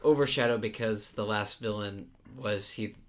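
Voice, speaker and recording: A man's voice: fairly low pitch, moderate pace, a bit bright. A man in casual film chat who muses agreeably, often asking "you know what I mean".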